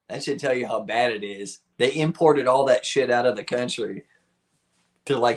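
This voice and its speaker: A man's voice: mid-range voice, measured pace, pauses often. A man hosting a live stream, chatting casually with viewers, rambling, laughing often and swearing freely.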